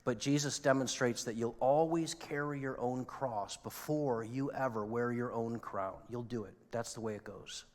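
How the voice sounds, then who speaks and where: Pastor preaching in a reverberant church. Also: male voice, medium pitch, normal speed, few pauses. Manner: conversational preaching with rhetorical questions. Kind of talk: sermon. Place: church sanctuary.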